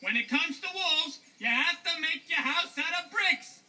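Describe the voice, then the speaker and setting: A woman's voice: very high voice, lively intonation, a little slow, bright, forceful tone, far from the mic, full character voice. A woman voicing a sensible, bossy little pig in a children's puppet show, emphatic and insistent.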